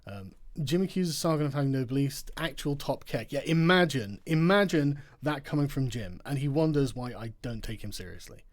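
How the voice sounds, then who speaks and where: With lively intonation, normal speed and hardly any pauses, a medium-pitched man hosts a late-night livestream. Tired, he reads chat and super chats aloud, often laughing and swearing mockingly.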